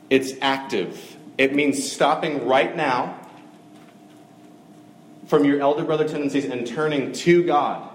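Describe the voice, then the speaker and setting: A man's voice: medium pitch, a little hiss or hum. A man giving a conversational, earnest sermon, with frequent fillers. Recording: echoey room with faint ambience.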